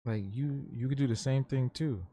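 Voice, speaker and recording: A man's voice: mid-range voice, fairly even intonation, normal speed, warm tone, no echo. A young man hosting a live drawing stream, chatting loosely in slang and answering his chat. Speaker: livestreaming artist.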